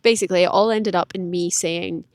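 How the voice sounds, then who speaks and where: A woman's voice: lowish voice, steady tone, brisk, dry recording, clean studio sound. A woman, rambling candidly and self-deprecatingly in a personal vlog. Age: late 20s. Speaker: vlogger. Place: outdoors in a park.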